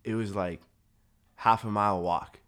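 A man's voice: on the low side, steady tone, measured pace, a bit bright, clear, resonant tone. A young man talking as a podcast guest in casual chat, laid-back and rambling, laughing often.

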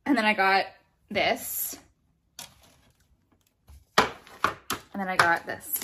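A woman's voice: medium pitch, slow pace. Blunt, swearing woman vlogger, noisy recording. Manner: blunt, profane, ranting. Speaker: vlogger showing purchases. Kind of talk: casual haul chat to viewers.

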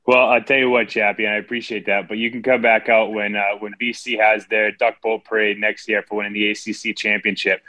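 A man's voice: lowish voice, flat delivery, brisk, hardly any pauses, bright, forceful tone, low-quality recording. A man with a Boston accent co-hosting a casual sports podcast, hearty and good-natured. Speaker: podcast co-host.

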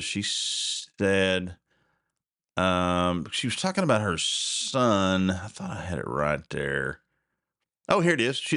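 A man's voice: fairly low pitch, fairly bright tone, dry recording, clean studio sound. A man hosting a solo commentary podcast, rambling and indignant, his voice jumping up sharply when he gets outraged. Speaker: podcast host. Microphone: desk mic with a censor button.

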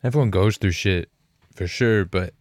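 Deep-voiced young man, halting and profane. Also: dry recording. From Canada. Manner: halting, profane, full of fillers and restarts. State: emotional, sighing. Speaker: podcast host. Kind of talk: candid emotional podcast talk.

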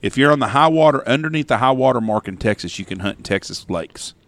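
A man's voice: mid-range voice, lively intonation, quick pace, a bit bright, no room sound. A man co-hosting a hunting podcast, telling blunt, profane stories in casual chat. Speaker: podcast co-host.

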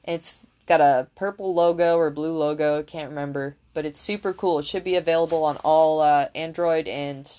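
A woman's voice: deep voice, fairly even intonation, moderate pace, few pauses, warm tone. A young woman co-hosting a podcast in casual comedic chat, rambling easily as she shares random facts. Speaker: podcast co-host.

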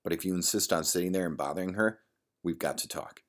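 A man's voice: low voice, fast talker, a bit bright. A man reading the part of a tough young man eager for a fight, cocky and threatening.

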